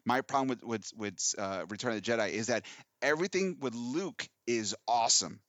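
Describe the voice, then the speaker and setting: A man's voice: medium pitch, moderate pace, no echo. Middle-aged male podcast host, playful banter, dry mic. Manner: joking, animated banter. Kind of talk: casual podcast chat.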